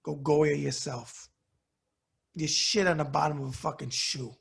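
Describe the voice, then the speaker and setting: A middle-aged man with a New York accent rants at the camera, blunt and heated and swearing freely. His voice is gravelly and husky, sitting a little high for a man. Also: steady tone, a little slow, fairly bright tone. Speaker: commentary show host. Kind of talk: angry profane rant to camera.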